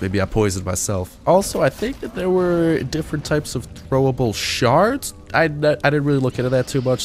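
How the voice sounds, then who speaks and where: A man's voice: fairly low pitch, slight background noise. A man with a nasal voice giving casual, rambling gameplay commentary as a gaming channel host. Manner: casual, rambling, with many fillers.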